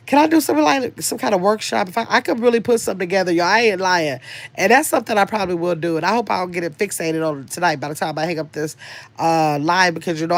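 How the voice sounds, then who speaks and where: A woman's voice: fairly low pitch, no room sound. Chatty older woman hosting a livestream. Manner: chatty, rambling, reads comments aloud. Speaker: livestream host reading chat. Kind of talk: casual livestream chat.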